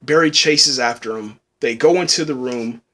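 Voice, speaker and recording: A man's voice: medium pitch, moderate pace, fairly bright tone. A man reviewing a TV episode in casual, rambling talk, often saying "man", getting tearful as he speaks. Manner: rambling, says "man" a lot, restarts. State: tearful, choked up.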